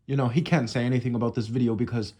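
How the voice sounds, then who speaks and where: A man's voice: mid-range voice, fairly even intonation, rapid-fire, a little mellow. A teenage boy telling a casual storytime monologue, rambling with lots of "you know" and "like" fillers. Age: teens.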